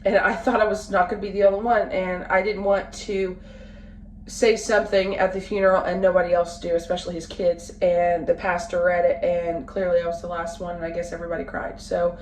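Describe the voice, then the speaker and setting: A woman in her late twenties, a family vlogger talking casually to the camera at home, halting and full of fillers and restarts. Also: lowish voice, little pitch movement, a little mellow. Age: late 20s. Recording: roomy, from a distance, faint background noise.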